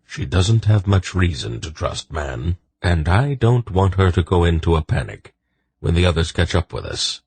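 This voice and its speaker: A man's voice: sits low, sing-song, moderate pace, a little mellow, husky, dry recording, exaggerated voice. A man voicing an old male wolf pack leader who speaks in a commanding, dry, decisive way in an audiobook.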